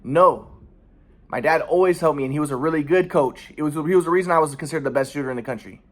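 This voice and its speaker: A man's voice: fairly high pitch, fast. A man in his thirties, talking in his apartment in an aggrieved, rambling, repetitive monologue. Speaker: vlogger. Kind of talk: monologue to camera. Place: apartment by an alleyway.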